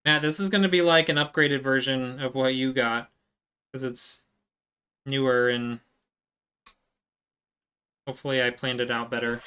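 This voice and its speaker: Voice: mid-range voice, steady tone, measured pace, long pauses, sharp tone, smooth. A live streamer chatting casually with viewers while working, answering chat as they go.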